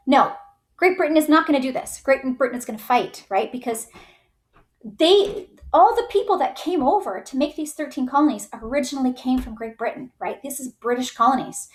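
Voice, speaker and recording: Chatty woman teaching history. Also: fairly high pitch. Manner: chatty, full of "like" and "right?", acts out groups in quick voices. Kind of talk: casual history lecture.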